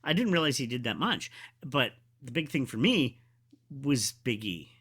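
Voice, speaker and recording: Excitable man with a lively, bright voice. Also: medium pitch, moderate pace, slightly rough. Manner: excitable, rambling, with many fillers and trailing restarts. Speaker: wrestling review host. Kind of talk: casual solo video review.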